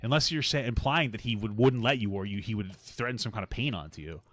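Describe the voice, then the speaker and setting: A man co-hosting a casual stream, talking haltingly with restarts and laughs. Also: lowish voice, fairly bright tone, no echo. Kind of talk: casual live-stream discussion.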